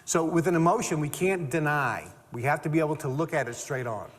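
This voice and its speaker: A man giving a motivational talk, emphatic and animated, repeating phrases for stress. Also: a little high, brisk, in a large hall. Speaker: motivational speaker.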